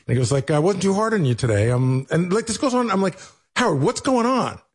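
A man's voice: on the high side, sing-song, fast talker, darkish tone, slightly rough. A man on a radio show animatedly telling a self-mocking story, acting out both sides of the conversation. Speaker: radio show regular, producer.

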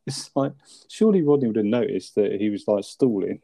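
A man's voice: lively intonation, fairly quick, gravelly, warm tone, no echo. A man co-hosting a casual chat about a sitcom episode, laughing often and acting out lines. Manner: laughs often, acts out lines in squeaky voices. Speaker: podcast co-host.

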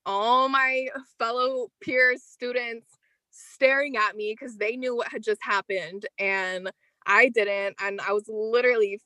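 With a slightly high voice and an unhurried pace, a teen girl guesting in a casual interview recounts a personal story. She's animated and chatty, using "like" often, and the recording is dry.

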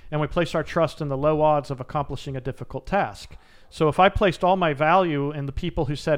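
A man's voice: fairly high pitch, normal speed, clean tone. Emphatic man talking about toughness. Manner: earnest, emphatic and coaching. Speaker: guest, former Navy SEAL and mental coach. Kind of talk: interview answers, storytelling.

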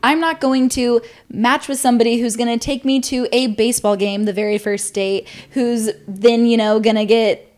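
A woman's voice: a little high, fairly even intonation, moderate pace, a little mellow. A young woman co-hosting a podcast, telling a story casually, swearing freely and acting out what people said. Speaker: podcast co-host.

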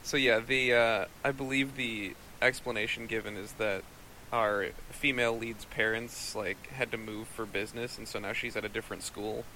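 A man in casual chat, explaining his points in a measured, dryly understated way. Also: fairly low pitch, level tone, bright, forceful tone, slight background noise, poor audio. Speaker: co-host reviewing a movie.

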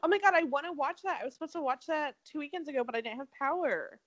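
A young woman co-hosting a casual chat podcast, bubbly and quick to giggle. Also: high voice, animated, a bit bright, dry recording, highs cut off. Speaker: podcast co-host.

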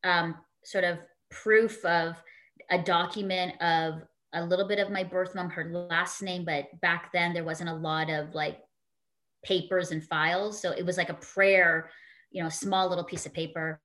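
A woman's voice: fairly low pitch, steady tone, a little slow, a bit bright. A woman guest in an interview, telling a personal story in an earnest, heartfelt way with frequent fillers.

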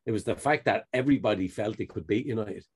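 Lively man telling sports stories. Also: fairly low pitch, fast, breathy edge. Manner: animated storyteller, laughs often, acts out quotes. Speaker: podcast co-host. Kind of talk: casual banter among friends.

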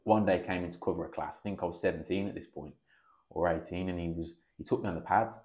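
Brief: guy in his thirties, deep voice, rapid casual storytelling, sweary, slightly dull podcast audio. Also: steady tone, darkish tone. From England. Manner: chatty, swears freely, acts out quoted dialogue. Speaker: podcast guest, kickboxing coach.

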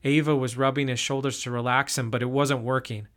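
A young man narrating a first-person camping story in a calm, measured way. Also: medium pitch.

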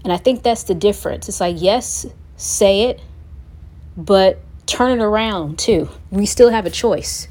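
A woman's voice: mid-range voice, a little mellow. A young adult woman hosting a faith-based talk for singles, earnest and encouraging, speaking conversationally and acting out prayers aloud. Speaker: host.

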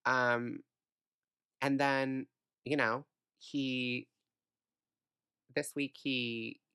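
Gravelly, blunt woman ranting. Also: rumbling low, little pitch movement, drawn-out words, a bit bright, no room sound. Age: 20s. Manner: blunt and profane, venting. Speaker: podcast host. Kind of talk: podcast rant.

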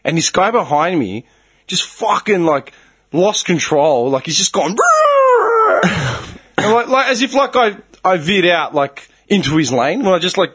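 An Australian man in his thirties tells a story in casual chat, swearing often and acting out what other people said. His voice sits a little high and swings widely up and down. The tone is husky and a little rough. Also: moderate pace. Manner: swears a lot, animated storytelling with acted-out quotes.

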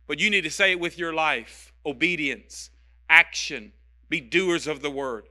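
High, sharp-voiced passionate preacher man. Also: lively intonation, a little slow. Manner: passionate, emphatic, repeats phrases for stress. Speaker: pastor. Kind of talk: sermon.

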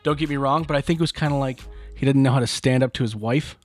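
A man's voice: mid-range voice, quick pace, soft background music. A man co-hosting a podcast in casual chat, joking and restarting his sentences a lot. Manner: chatty, stammering restarts, jokey. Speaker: podcast co-host.

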